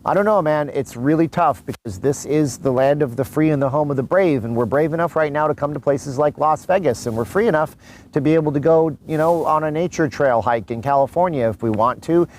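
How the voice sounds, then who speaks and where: A man's voice: a little high, a little fast, darkish tone, slight background noise, low-quality recording. A man born in Canada, vlogging in a chatty, rambling way with asides to his viewers, a mask on as he talks. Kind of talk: casual vlog commentary. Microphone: mask on while talking.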